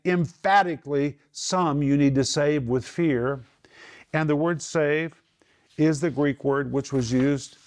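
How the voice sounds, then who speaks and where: Man, Bible teacher, emphatic, drawn-out stresses, medium pitch. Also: a little mellow.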